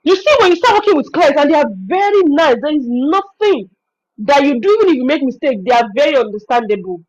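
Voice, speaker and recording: Nigerian woman trainer, high and animated voice, informal teaching tone, dull lo-fi stream sound. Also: moderate pace. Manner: animated, expressive storytelling. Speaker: virtual assistant trainer hosting a webinar.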